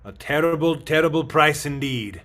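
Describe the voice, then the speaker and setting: A theatrical, menacing terrorist villain who gloats at a slow, drawn-out pace, as a man puts him on for a comedy bit. His lines come with sinister cackles and exaggerated threats. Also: mid-range voice, natural voice.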